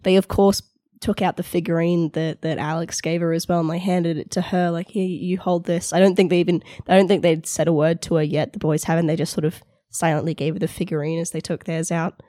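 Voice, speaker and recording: A woman's voice: fairly low pitch, flat delivery, fast talker, dark tone, dry recording, studio quality. A woman with an Australian accent chatting and describing her character at a tabletop game. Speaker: player. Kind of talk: casual table talk.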